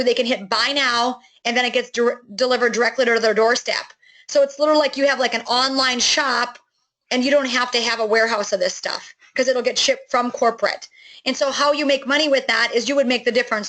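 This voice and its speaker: A middle-aged woman with a high voice walks a prospect through a network marketing plan. She talks enthusiastically and casually, with frequent fillers and self-corrections. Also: a bit bright, poor audio. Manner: enthusiastic, chatty, many fillers and restarts. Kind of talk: sales pitch on a call.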